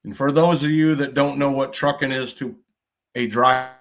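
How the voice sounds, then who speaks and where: A middle-aged man from Michigan hosting a casual podcast. He talks bluntly in folksy trucker slang and curses freely. His pitch is average for a man. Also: steady tone, normal speed, a bit bright. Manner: blunt storytelling with frequent cursing. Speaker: podcast host.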